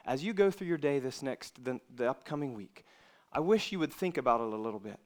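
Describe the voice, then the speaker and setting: A male preacher giving an earnest sermon to young people, swinging between loud emphasis and quiet asides. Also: mid-range voice, expressive, a little fast.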